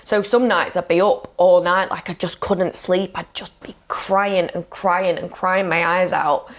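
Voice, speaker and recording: A woman's voice: lowish voice, steady tone, a little slow. A woman speaking as a podcast guest and coach, telling a personal story frankly and emotionally, with lots of "like" and "you know". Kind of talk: candid conversational storytelling.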